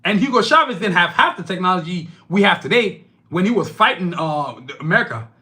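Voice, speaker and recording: High, animated, indignant man ranting. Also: brisk. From Nigeria. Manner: forceful, indignant, profane, rhetorical questions. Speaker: political commentator. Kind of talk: heated opinion monologue.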